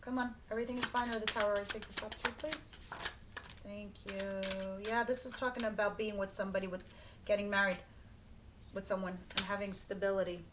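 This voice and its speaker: A woman's voice: medium pitch, little pitch movement, fast talker, noisy background. A woman giving a casual tarot reading, talking bluntly and straight to the viewer and swearing freely. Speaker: tarot reader.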